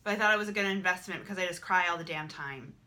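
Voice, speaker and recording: A woman's voice: lowish voice, rapid-fire, pushed and bright. A young woman talking candidly to camera in a vlog, emotional and repetitive, swearing freely. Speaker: vlogger.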